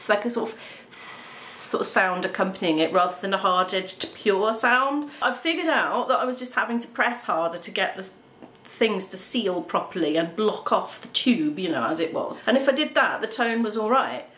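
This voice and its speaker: A woman's voice: mid-range voice, expressive, moderate pace, fairly bright tone. A woman vlogging at home, talking to camera in a chatty, rambling, emotional way. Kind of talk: casual vlog chat to camera. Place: at home, indoors. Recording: echoey room.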